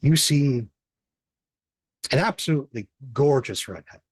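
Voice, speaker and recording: A man running a tabletop horror game as game master, narrating in a slow, measured, grim way. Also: mid-range voice, breathy edge, no echo.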